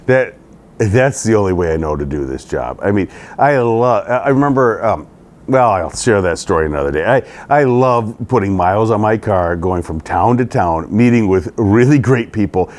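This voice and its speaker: A man's voice: lowish voice, expressive, normal speed, a little mellow. A middle-aged man, a state legislator, answering interview questions in an earnest, conversational way.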